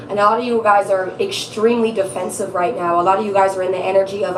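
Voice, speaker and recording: A woman's voice: mid-range voice, steady tone, brisk, recorded from a distance, background noise. A woman giving a casual live tarot reading, chatty and laughing often, swearing freely. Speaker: tarot reader. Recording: echoey room, off-mic.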